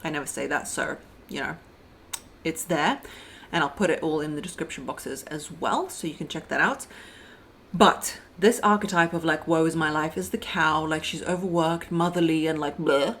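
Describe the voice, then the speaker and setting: Woman, relationship coach, low-ish voice, casual advice to camera, frank and chatty, calls you girl, faint background hum. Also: moderate pace, a bit bright. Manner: acts out quoted voices mid-sentence.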